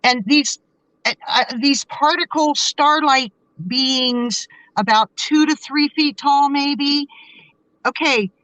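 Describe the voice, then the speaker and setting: A woman guest telling a story in a casual interview, animated and excitable, often restarting and stammering. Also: high voice, slow pace, no room sound, dull audio.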